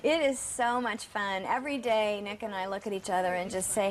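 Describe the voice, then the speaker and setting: A woman's voice: medium pitch, steady tone, brisk. A woman from the United States, a guest actress chatting casually in an interview and laughing often. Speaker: guest actor and singer.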